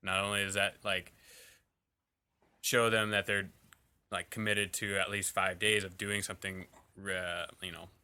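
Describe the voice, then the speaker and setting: A man with a low voice and a very bright, forceful tone rambles through a casual podcast chat about coaching his clients. He leans hard on fillers as he thinks out loud. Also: little pitch movement, unhurried, smooth. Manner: rambling, many fillers like "like" and "you know".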